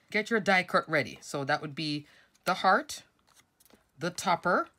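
A middle-aged woman with a slightly low voice, sounding nasal from a cold, talks viewers through a craft project. Her delivery is chatty and informal, and she calls her audience folks and crafters as she works at her desk. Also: sharp tone. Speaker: craft tutorial host. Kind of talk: casual step-by-step craft tutorial.

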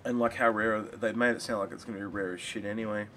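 A man chatting casually about a video game, rambling and animated, swearing now and then. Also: on the low side, fast, a little hiss or hum. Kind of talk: casual gaming chat.

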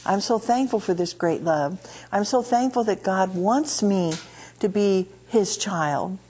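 In a TV studio, a woman with a Midwestern American accent hosts a TV ministry, teaching earnestly from the Bible and slowing down to repeat key words of scripture. Her voice is medium in pitch, dark in tone, and slightly rough.

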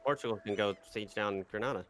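A young man in a multiplayer strategy game, chiming in with quick explanations of game mechanics. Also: fairly low pitch, crowd noise. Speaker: player. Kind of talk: casual gaming chat. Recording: noticeable background noise.

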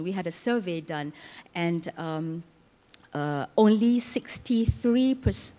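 A woman with a sore, failing throat speaks on a conference panel in a fairly low voice. She explains points earnestly and sometimes restarts her sentences. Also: a little mellow. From Malaysia. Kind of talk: panel discussion answer. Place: conference hall.

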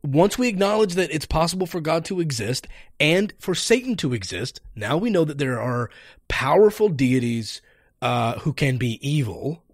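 Man, podcast host, debate interview, emphatic, husky voice, dry close sound. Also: on the high side, moderate pace, no echo. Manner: animated and emphatic.

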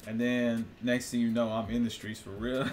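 Soft background music plays as a vlogger with a mid-range, slightly mellow voice talks in a level tone at normal speed. His monologue to camera is casual, rambling and profane, broken up by laughter and questions for viewers.

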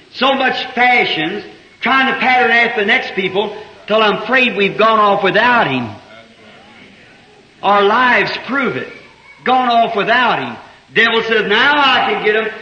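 A man preaching a sermon, acting out dramatic quotes and rising to shouted climaxes. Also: very high voice. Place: church service with congregation. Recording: dull echoey old church recording.

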